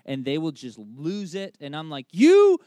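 A man in his thirties preaching in a loose, chatty way, stressing points by repeating them and slipping in lots of "like." His voice sits a bit on the high side. The sound is close and dry. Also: animated, normal speed, darkish tone, dry recording. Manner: conversational, with humorous family anecdotes and frequent "like"; emphatic, repeating key phrases. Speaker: pastor. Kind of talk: sermon.

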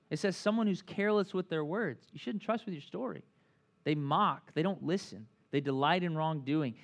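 A man preaching a conversational sermon as pastor, animated and full of asides, often checking in with "right?". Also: fairly high pitch.

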